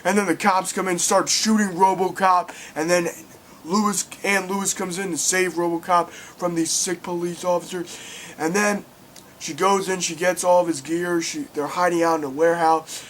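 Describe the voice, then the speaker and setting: Young male film reviewer, slightly high voice, excitable and profane, faint background hiss. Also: normal speed. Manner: excitable, swearing, acts out scenes loudly. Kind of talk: casual spoken film review.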